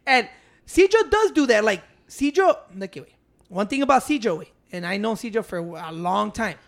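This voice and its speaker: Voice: medium pitch, expressive, normal speed. A speaker telling a rambling story in casual chat, swearing and acting out what others said.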